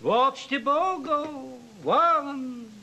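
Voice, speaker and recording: Elderly Yiddish-accented showman, high bright tone, chummy teasing patter. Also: drawn-out words, gravelly, a little hiss or hum, exaggerated voice, poor audio. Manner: coaxing, teasing patter with the audience volunteer. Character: elderly male New York magician, heavy Yiddish accent, chummy showman.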